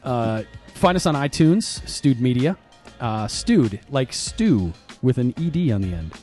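A man's voice: medium pitch, very animated, measured pace, darkish tone, soft background music. A man co-hosting a casual podcast from a shop on location, teasing and joking in loose banter. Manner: teasing, joking, mock-apologetic. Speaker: podcast co-host.

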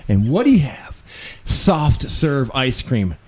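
Man doing a rambling gruff pep-talker. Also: mid-range voice, big pitch swings, takes it slowly, darkish tone, a little hiss or hum. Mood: rousing. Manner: rambling, gravelly, theatrical. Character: gruff adult man giving an ice cream pep talk. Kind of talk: improv sketch comedy.

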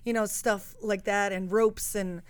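A woman's voice: mid-range voice, fairly even intonation, a little slow, clean tone, dry recording. Rambling woman, dry close sound. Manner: rambling, self-interrupting storyteller. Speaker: podcast guest. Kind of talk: casual chat.

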